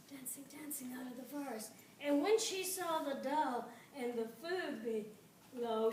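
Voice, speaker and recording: A woman telling a folktale to an audience, dramatic and expressive, with pauses and repetition. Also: high-pitched, far from the mic, a little hiss or hum. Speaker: storyteller. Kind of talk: live folktale storytelling. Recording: echoey room, voice from afar.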